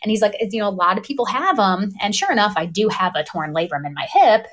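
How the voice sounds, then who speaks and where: Animated woman in her thirties. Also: medium pitch, fast talker. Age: 30s. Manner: animated storyteller, acts out voices, laughs often. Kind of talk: casual conversation.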